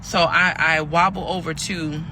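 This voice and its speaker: In this storytelling monologue, a man speaks as a pregnant young woman recounting her story, addressing listeners as "y'all" in a chatty way and performing the quoted lines. His voice sits on the high side, delivered flatly and a little slowly over background noise, and the mood is weary and aggrieved.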